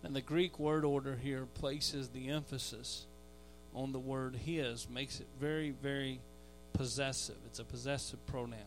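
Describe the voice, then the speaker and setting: Male pastor, sermon, slow delivery, slightly high voice, shouted emphasis, repeated words, faint background music. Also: low-quality recording. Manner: builds to shouted emphasis on key phrases; repeats words when restarting. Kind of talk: expository sermon.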